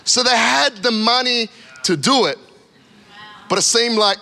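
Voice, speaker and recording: A man's voice: extremely high pitch, unhurried, vocal fry, long pauses, sharp tone. A man preaching a sermon as a pastor, with frequent "come on" interjections and acted-out quotes. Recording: long hall reverb.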